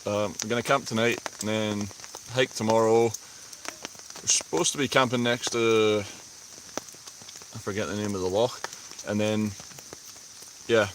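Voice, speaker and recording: A man's voice: lowish voice, fairly bright tone, low-quality recording. A man chatting casually and a little tipsily on a live stream under a tarp in a rainy forest at night. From Scotland. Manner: chatty, tipsy and laughing easily. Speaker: vlogger. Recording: faint rain noise outdoors. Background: rain on the tarp.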